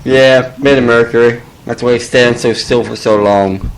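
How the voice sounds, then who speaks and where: A man in an improvised comedy sketch, playing it straight with deadpan teasing. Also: medium pitch, normal speed, distant mic, rough recording. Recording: amateur recording with loud hiss.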